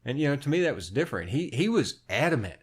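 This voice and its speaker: A man's voice: medium pitch, sing-song, quick pace, slightly rough. Blunt, swearing podcast co-host man. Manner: blunt, profane storytelling. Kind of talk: casual chat.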